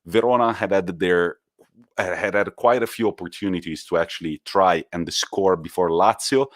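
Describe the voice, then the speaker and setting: A man's voice: low-pitched, no echo, studio quality. A man, co-hosting a podcast and chatting enthusiastically about football. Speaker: podcast co-host. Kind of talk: casual football chat.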